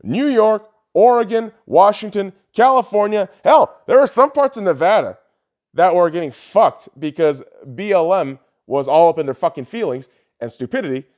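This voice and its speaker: A man hosting a podcast, ranting heatedly and swearing often, his voice lurching between loud outbursts and low mutters. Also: lively intonation, moderate pace, muffled recording. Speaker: podcast host. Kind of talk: ranting political commentary.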